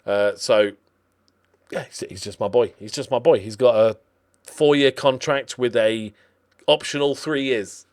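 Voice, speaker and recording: A man's voice: medium pitch, a little slow. A man gives casual, chatty commentary on his video game season, with many fillers and restarts. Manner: chatty and animated, with lots of fillers. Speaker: gaming commentator.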